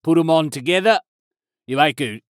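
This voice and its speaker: A man's voice: a little high, normal speed, dry recording, pitched above the performer's own voice, close to an everyday voice. Joke voice: a man playing a cliché australian bloke, exaggerated mock accent, dry close sound. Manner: jokey, exaggerated, drawling. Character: stereotypical beer-loving Australian bloke, adult male.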